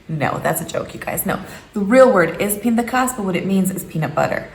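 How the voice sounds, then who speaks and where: A woman in her thirties hosts a casual, jokey vlog from a room at home, talking fairly quickly at medium pitch with lively intonation. She puts on exaggerated voices when quoting people, and the room sounds echoey with faint background noise.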